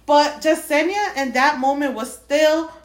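A woman with a high voice tells a story with lots of swearing and fillers. She tells it in an animated, casual way. The room around her is roomy and echoey. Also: unhurried. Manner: animated, swears a lot, many fillers, laughs while telling. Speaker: podcast co-host.

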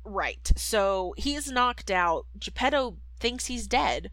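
A woman's voice: a little high, lively intonation, slow pace, a bit bright, no room sound, rough recording. A woman co-hosting a podcast, casually retelling a film plot with lots of fillers. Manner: chatty, lots of fillers and voices. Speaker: podcast co-host. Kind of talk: casual movie recap.

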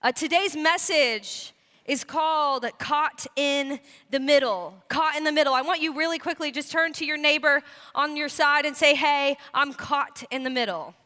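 A woman pastor giving a sermon, telling animated, self-deprecating stories to her congregation. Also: high-pitched, normal speed, long reverb tail. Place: church sanctuary.

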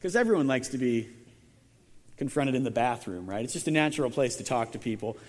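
A man's voice: medium pitch, lively intonation, fairly quick, a little mellow. A male pastor preaching a sermon in a conversational storytelling way, often restarting words and adding wry asides. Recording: long reverb of a large hall.

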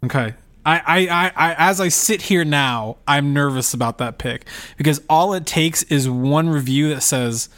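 Quick, animated man co-hosting a chat. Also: a little high. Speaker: podcast co-host. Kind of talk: casual chat.

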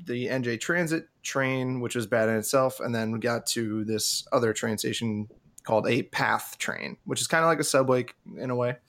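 A man chatting on a casual podcast, his voice sitting in the middle range. He gets animated as he tells the story and jumps up in pitch when he quotes himself panicking. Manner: animated, acts out his own panic in a raised voice. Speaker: podcast co-host.

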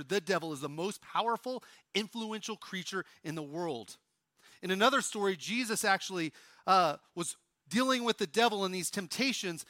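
A high, bright-toned male pastor from Oklahoma delivering a sermon on stage. He is animated, rising loud and dropping to a hush. The sound is close and dry, with no room echo. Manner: animated, swings from loud to hushed.

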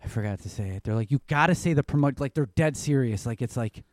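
Man, casual chat, rambling storyteller, swears freely, mid pitch, dry close sound. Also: fast talker, no echo.

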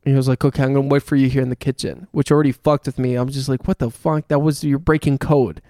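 A man's voice: medium pitch, level tone, fast, dark tone, dry recording, clean studio sound. A young man telling a long story in casual chat, swearing often and laughing as he goes.

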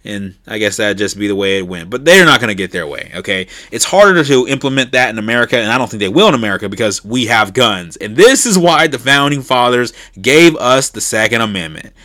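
Male commentator, middle pitch, emphatic and insistent, dry booth-like sound. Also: sing-song, brisk, hardly any pauses, pushed and bright, no echo. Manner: emphatic, repeats "okay?" for stress; insistent, rising in intensity. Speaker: political commentator. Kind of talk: opinion monologue.

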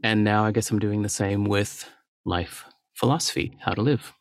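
A man's voice: on the low side, fairly even intonation, moderate pace, dry recording, clean studio sound. A middle-aged man, a writer and entrepreneur, talking candidly and thoughtfully as a guest on a podcast. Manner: thoughtful, candid, with small laughs and restarts. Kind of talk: reflective interview talk.

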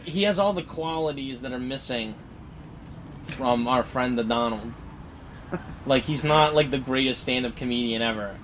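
A man's voice: mid-range voice, moderate pace, long pauses, a bit bright, a little hiss or hum. A man co-hosting a podcast in casual chat, talking restlessly with lots of filler words and frequent laughter.

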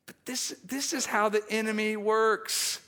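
A male preacher delivering a sermon with a high-pitched voice. His tone is bright and forceful, and he gets animated as he acts out conversations from the story, now and then laughing at his own asides. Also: measured pace, clear, resonant tone.

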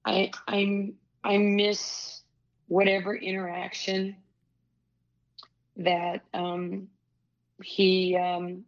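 A woman coach talking as an interview guest, halting and restarting often as she speaks. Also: medium pitch, monotone. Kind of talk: casual interview chat. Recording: dull lo-fi sound.

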